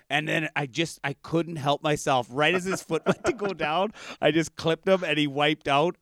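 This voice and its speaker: A man's voice: on the high side, fairly even intonation, normal speed, hardly any pauses, a bit bright, no echo, studio quality. A man who is a comedian, telling rambling stories in casual chat and laughing through them, on a video call. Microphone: remote video call.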